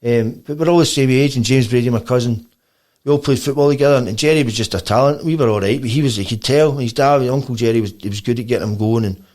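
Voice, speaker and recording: Fast-talking Scottish man. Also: medium pitch. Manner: rambling, with lots of restarts; animated storytelling. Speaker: guest musician. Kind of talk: casual podcast chat.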